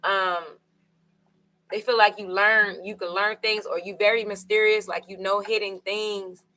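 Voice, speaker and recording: Casting: woman tarot reader, bright tone, loose rambling delivery with fillers. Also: medium pitch, little pitch movement, measured pace, rough recording. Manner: rambling, conversational, with many fillers. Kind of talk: casual tarot reading.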